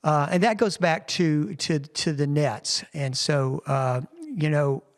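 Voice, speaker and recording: A man's voice: fairly high pitch, takes it slowly, long reverb tail. A man, a pastor, casually retelling a Bible story as a podcast recap of his sermon. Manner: conversational retelling of scripture stories.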